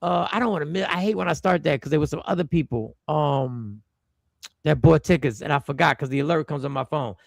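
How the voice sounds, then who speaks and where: A man's voice: on the high side, brisk, vocal fry, no room sound, clean studio sound. A man hosting a casual livestream, joking loosely and swearing now and then. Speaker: livestream host.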